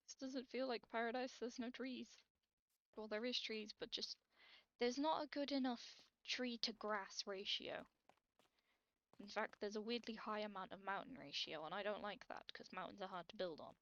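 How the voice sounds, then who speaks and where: A woman's voice: mid-range voice, normal speed, fairly bright tone, muffled recording. A British woman giving chatty, self-deprecating gameplay commentary as she plays, talking to herself. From Britain. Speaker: Let's Play creator.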